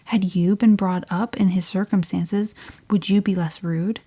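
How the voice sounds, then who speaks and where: A woman voicing a kindly older housekeeper who earnestly and gently reproves a girl, in an audiobook. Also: medium pitch, fairly even intonation, measured pace, husky. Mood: gently reproving. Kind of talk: audiobook reading.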